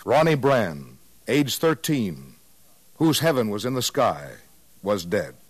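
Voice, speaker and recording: A man narrating a scripted radio documentary in a measured, solemn way. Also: lowish voice, very animated, slightly rough, dry recording.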